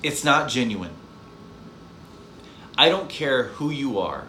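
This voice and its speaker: Bright-voiced, exasperated movie reviewer man. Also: medium pitch, big pitch swings, slow pace. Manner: exasperated, rambling, repeats words. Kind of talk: casual ranting review vlog. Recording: echoey room, faint background hiss.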